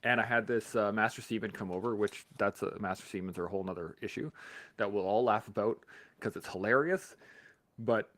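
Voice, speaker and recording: Profane, animated man telling stories. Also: lowish voice, fairly quick. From Canada. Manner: profane, animated storyteller who laughs often. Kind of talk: casual motivational storytelling.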